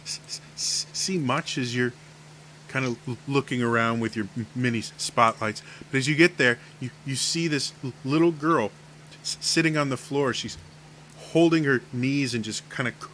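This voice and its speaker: Stuttery game master guy, bright voice, faint hum behind. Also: medium pitch, normal speed. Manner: stammers often on first sounds. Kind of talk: narrating a tabletop game.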